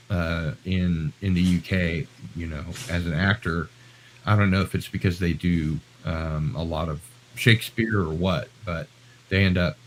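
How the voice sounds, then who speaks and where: In a low-quality recording, a low-voiced American man chats casually on a live stream, rambling along and poking fun at himself.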